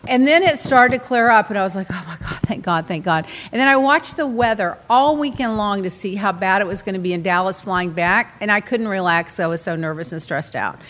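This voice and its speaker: A middle-aged woman hosting, telling a casual story in an animated, dramatic way with lots of exclamations. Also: medium pitch, fairly quick, hardly any pauses. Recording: long reverb.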